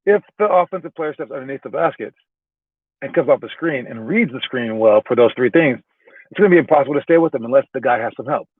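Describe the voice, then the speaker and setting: A man's voice: medium pitch, animated, quick pace, slightly rough, no echo. A man who coaches basketball, giving a casual, loose spoken lesson from his car, often checking in with "all right?" and joking at his own expense. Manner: self-mocking. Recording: tinny phone-like, dry.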